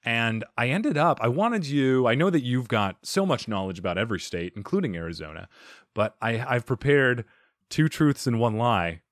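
A man hosts a casual podcast chat, his pitch swinging widely as he jokes and quizzes his guest. He laughs often and keeps the tone playful. The sound is close and dry, with no room echo. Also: normal speed. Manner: animated, laughs often, playful quiz-giving. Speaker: podcast host.

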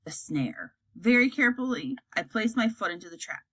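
A woman reading a children's fantasy story aloud, acting out the characters in a lively way. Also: fairly high pitch, a little fast, poor audio. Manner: acts out characters, lively delivery. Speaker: audiobook reader.

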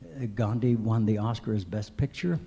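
An older man giving a keynote speech at a benefit breakfast, telling self-deprecating stories with frequent hesitant pauses. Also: on the low side, gravelly, mellow, husky. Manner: wry self-deprecating storyteller, many hesitant "uh"s. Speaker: keynote speaker. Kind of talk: anecdotal after-breakfast speech. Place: large banquet hall. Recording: reverberant large hall.

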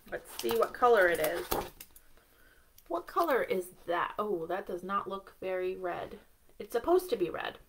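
A woman's voice: medium pitch, a bit bright, slight background noise. A woman leading a children's library storytime, singing short rhymes and coaxing young kids to join in. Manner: cheerful sing-song, coaxing young children.

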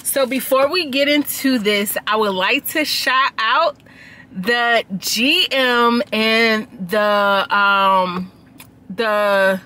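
A woman vlogger with a bright, high voice talks slowly and casually to her viewers. She is chatty and slangy, and her upbeat food vlog carries a faint hiss underneath. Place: outdoors at sunset.

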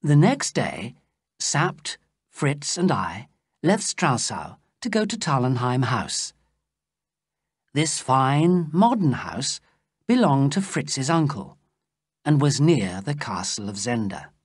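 Slow, lively storybook reader. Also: medium pitch, slightly rough, no echo, studio quality. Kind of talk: graded reader narration for English learners.

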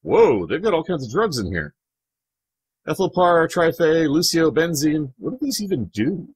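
A man's voice: a little high, sing-song, unhurried, breathy edge. A young man narrating a visual novel let's-play, reading the story aloud in a joking way and swearing casually.

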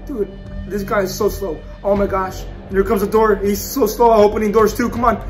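Jumpy man yelling through a horror game. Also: high-pitched, normal speed, faint music behind. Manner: jumpy and excitable, yelps at scares then mutters to himself; trash-talks the game with constant mild cursing. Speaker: gaming YouTuber. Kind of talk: let's-play horror game commentary.

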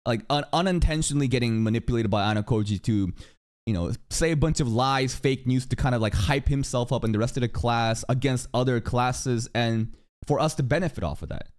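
Man, casual reaction chat, excitable, swears often, mid-pitched voice. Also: brisk.

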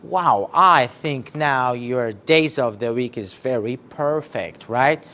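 A man's voice: medium pitch, takes it slowly, pushed and bright. A man teaching English to young children online, drilling words in call-and-response with cheerful praise and sometimes singing prompts.

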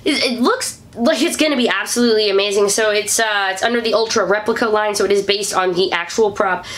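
A woman from St. Louis hosting a weekly fan news vlog, upbeat and chatty, breaking into excited whoops. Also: medium pitch, fast. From St. Louis, USA.

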